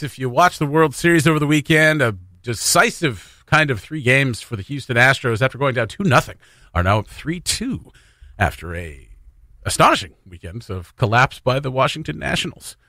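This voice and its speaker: A man's voice: mid-range voice, animated, normal speed, sharp tone, dry recording, clean studio sound. A man co-hosting a casual morning radio show, joking and laughing often as he chats.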